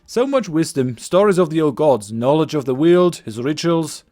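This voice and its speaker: A man's voice: fairly high pitch, animated, moderate pace, darkish tone, close to an everyday voice. A man voicing a young male apprentice with an overdone put-on Scottish accent, talking anxiously and earnestly.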